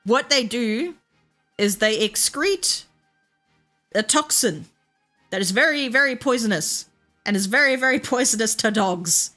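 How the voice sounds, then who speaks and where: An Australian woman chats while she streams a game, with a bright, clear edge to her voice. She talks in a loose, chatty way, swears often and laughs through her own stories. Soft game music plays quietly behind her. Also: a little high, lively intonation, unhurried, long pauses. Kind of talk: casual chat while gaming.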